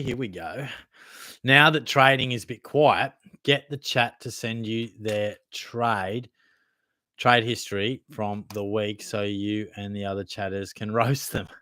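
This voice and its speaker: Swearing freely and calling everyone mate, this young Australian fantasy football host reads out chat questions in a relaxed, blokey livestream Q&A. His mid-range voice has a sharp tone, captured as clean studio sound without echo.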